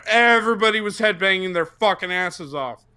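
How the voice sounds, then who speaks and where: A young man telling a profane, excitable story on a casual podcast, bursting into shouts for the quoted parts. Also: high voice, normal speed, clear, resonant tone. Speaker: podcast co-host.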